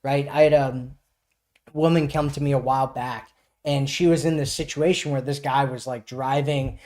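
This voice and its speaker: A man's voice: mid-range voice, fairly even intonation, moderate pace, a little mellow. A man hosting a casual live stream as a dating coach, answering chat questions in a loose, filler-heavy way and often tagging on "right?".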